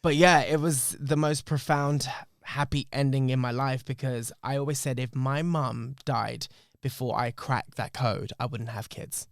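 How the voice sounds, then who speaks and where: A man's voice: mid-range voice, fairly even intonation, measured pace, creaky, few pauses, no echo, studio quality. A man, hosting a podcast and telling a personal story in an emotional, reflective, candid way, swearing freely. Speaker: podcast host.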